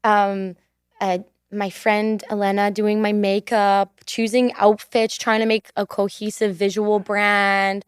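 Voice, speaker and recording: A young American singer chats casually as a guest on a studio podcast, laughing often and repeatedly saying thank you. Her medium-pitched voice is level, slow and smooth, with no echo.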